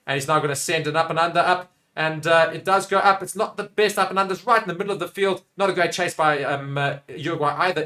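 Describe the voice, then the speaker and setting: A young South African man does quick-paced rugby play-by-play for a watchalong, barely pausing. Attacks push him louder and more excited, and he goes low and quiet when reading what viewers write.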